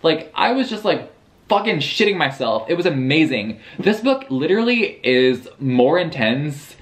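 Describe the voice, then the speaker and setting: A man's voice: fairly high pitch, a little slow. A young man recapping a book for his vlog, casual and sarcastic, swearing freely and slipping into mock voices. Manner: animated, profane, sarcastic retelling with mock character voices. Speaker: book reviewer.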